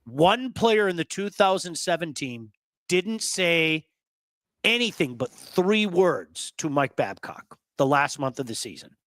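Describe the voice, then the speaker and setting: A man hosting a casual hockey talk show, telling blunt, animated stories and repeating words for emphasis. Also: on the high side, unhurried, no room sound. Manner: blunt, swears.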